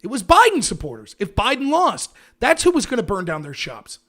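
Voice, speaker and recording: This show host's pitch swoops wildly, his tone is sharp, and he talks a little fast. He's an American running a political call-in program, argumentative and emphatic, mimicking opponents in high-pitched voices to mock them.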